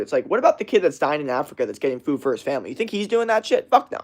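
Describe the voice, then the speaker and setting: A man's voice: a little high, very animated, rapid-fire, hardly any pauses. Profane ranting young man. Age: young adult. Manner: profane, rambling, mocks others in whiny put-on voices. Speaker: vlogger. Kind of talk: casual ranting monologue.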